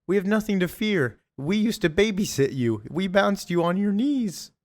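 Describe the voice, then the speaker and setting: A man voicing a soothing, motherly woman in a high, light, pleading voice while retelling a comic. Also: expressive, moderate pace.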